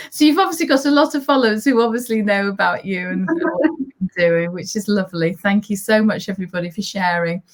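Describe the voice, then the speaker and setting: A woman hosting a relaxed conversation. She reads out viewers' comments and laughs often. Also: medium pitch, fairly quick. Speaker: host. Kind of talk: casual interview chat.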